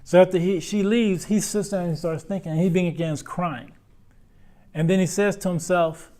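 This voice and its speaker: A man gives a religious lesson in a relaxed, conversational way, pitched a little higher than most men. He keeps turning questions back to his listeners and tags his points with "right?". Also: normal speed. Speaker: Islamic teacher. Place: lecture room.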